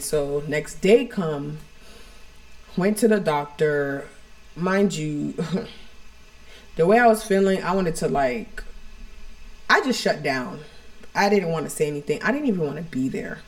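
A woman with a low voice tells a personal story at home for a podcast. She talks frankly and rambles, filling her sentences with "like" and "you know". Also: darkish tone. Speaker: podcast co-host.

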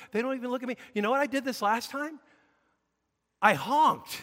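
A man preaching a sermon, telling an everyday story and then building to loud, emphatic declarations before a congregation. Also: very high-pitched, normal speed, long pauses. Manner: storytelling, rising to forceful emphatic shouts. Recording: long reverb of a large hall.

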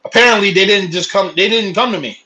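Young man, high voice, bright, rambling, casual chat. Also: quick pace, rough recording. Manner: loose, rambling, restarts stories. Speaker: storyteller.

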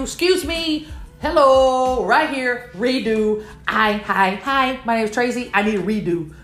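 A woman's voice: on the high side, unhurried, fairly bright tone, reverberant, faint music behind. A woman from Houston, giving a comedic motivational talk to an audience and animatedly playfully acting out other people. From Houston, Texas.

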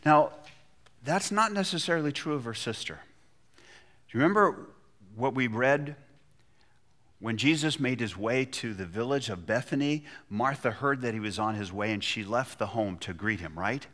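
A man's voice: medium pitch, expressive, normal speed, a bit bright. A man preaching a sermon, retelling a scripture story and acting out the quotes with feeling. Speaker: pastor.

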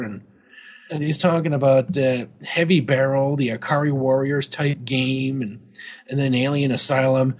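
A man's voice: mid-range voice, fairly even intonation, normal speed, lo-fi sound. A man co-hosting a podcast, chatting casually about an old game magazine, joking and swearing freely. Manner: jokey, swearing, laughing often. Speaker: podcast co-host.

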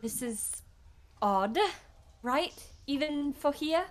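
A woman's voice: high voice, animated, slow. A woman playing in a tabletop game, hesitant and polite. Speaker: player. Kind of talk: casual tabletop play.

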